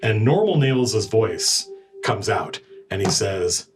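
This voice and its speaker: A man's voice: fairly low pitch, animated, takes it slowly, faint music behind. A man running a tabletop game as game master, describing scenes vividly and speaking for his characters.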